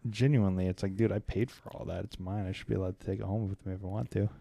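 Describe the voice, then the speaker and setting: Low, mellow-voiced man, wry and rambling. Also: steady tone, very fast, vocal fry, husky, no room sound. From Kansas City, USA. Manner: rambling, wry and irreverent storytelling. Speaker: podcast co-host. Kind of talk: casual podcast chat.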